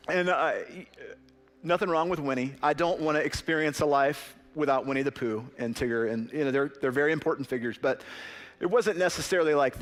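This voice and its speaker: Man, 30s, pastor, sermon, conversational storytelling, rhetorical asides, medium pitch.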